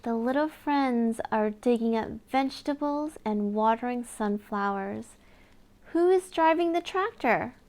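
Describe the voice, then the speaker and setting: A woman reading a picture book aloud to young children in a gentle, sing-song way, with little gasps and questions to the listener. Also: fairly high pitch.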